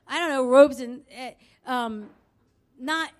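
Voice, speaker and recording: A woman telling a true story at a live show, expressive and quick to swear and laugh at herself. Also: high-pitched. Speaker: storyteller on stage.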